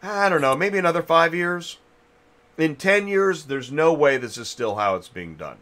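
With a fairly bright, slightly high voice, a man hosts a casual industry chat on his podcast, speaking expressively at a normal speed. He thinks aloud and rambles with frequent restarts, all while chewing a cough drop.

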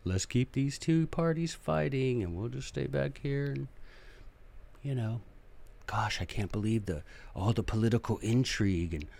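A man's voice: medium pitch, expressive, moderate pace, creaky, a little mellow. A man hosting a podcast, telling a history story in a casual, chatty way with joking asides and acted-out characters. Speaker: podcast host.

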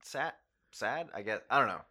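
A man's voice: mid-range voice, expressive, normal speed, very noisy. A man co-hosting a podcast, reading listener comments in casual chat and joking about himself. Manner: playful, self-deprecating.

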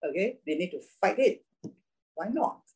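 A woman preaching a sermon, reading scripture and then talking about it in an animated way, laughing often. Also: lowish voice, normal speed, husky, rough recording.

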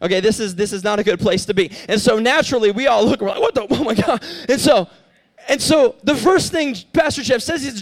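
Young male youth pastor, high voice, animated storyteller, casual sermon delivery. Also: fairly quick. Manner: animated storyteller, acts out dialogue with rising voice.

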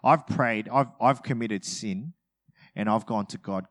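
This pastor speaks in an unhurried, mid-range voice during his sermon. He talks conversationally, brings in humor, acts out everyday situations, and shifts between loud outbursts and soft asides.

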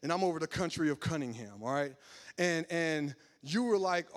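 A man preaching a sermon, talking casually with the congregation and building up to loud, emphatic passages. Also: a little high, animated, normal speed.

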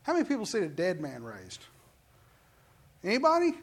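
This is a pastor giving a lively, conversational sermon from the pulpit of a church. They keep turning to the congregation with questions and call-outs, then push into emphatic stretches of preaching. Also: mid-range voice, moderate pace.

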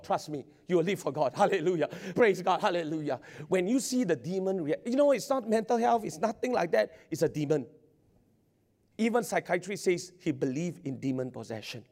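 A male pastor, preaching a sermon in an excitable way, repeating words and laughing often. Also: fairly high pitch. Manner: excitable, stammering repetitions, frequent laughter.

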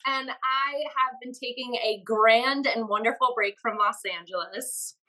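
A woman's voice: on the high side, steady tone, unhurried, pushed and bright, poor audio. A young woman chatting as a podcast guest, laughing often and getting flustered. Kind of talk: casual interview chat. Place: home studio.

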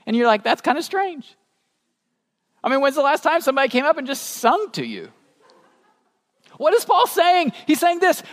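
A man preaching a sermon as a pastor, animated and rising to emphatic peaks, asking the congregation questions. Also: extremely high pitch. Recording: long hall reverb.

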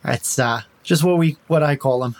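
A man's voice: moderate pace, lightly acted. A man putting on a sly Irish elf bard. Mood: evasive. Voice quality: lilting, wheedling, pitch rising when pressed. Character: fast-talking male elf bard, smooth and evasive. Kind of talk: tabletop role-play in character.

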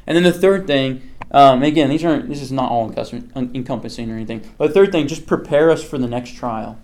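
A man's voice: mid-range voice, fast talker, darkish tone. Young man, youth pastor, loose conversational sermon, lots of "okay?" and "like," keeps asking the group questions. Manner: conversational, quizzes the listeners, many "like" and "okay" fillers.

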